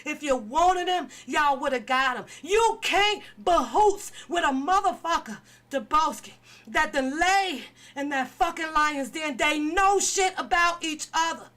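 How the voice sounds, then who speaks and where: A woman's voice: high-pitched, animated, unhurried, a bit bright. A woman commentator delivering an impassioned, profane opinion rant, pleading and repeating herself for emphasis. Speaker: online commentator.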